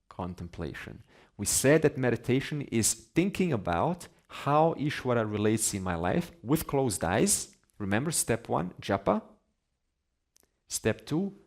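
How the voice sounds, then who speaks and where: A Vedanta teacher with a medium-pitched voice and vocal fry leads a scripture class in a conversational way. He asks his students questions and laughs between points.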